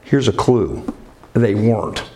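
A man's voice: fairly low pitch, expressive, takes it slowly, creaky, mellow, slight background noise. Man preaching with call-and-response questions. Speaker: pastor. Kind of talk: sermon.

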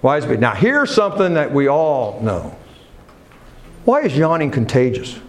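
A man's voice: medium pitch, wildly swooping pitch, normal speed. A man preaching a sermon in a church, talking casually and putting questions to his congregation. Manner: conversational, asks questions of the congregation.

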